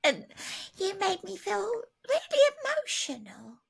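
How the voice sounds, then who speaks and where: A woman's voice: very high-pitched, huge pitch swings, creaky, voice pushed up, full character voice. Woman putting on a shy little child's voice. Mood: shy, wistful. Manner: hesitant, halting child's speech. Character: shy small girl, timid and soft. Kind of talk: comic impression on a podcast.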